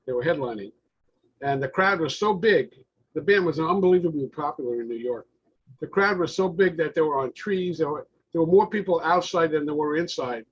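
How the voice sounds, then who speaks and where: A man telling a relaxed story as a guest in a casual roundtable chat, heard over remote call audio. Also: on the high side, fairly quick, slightly rough, highs cut off.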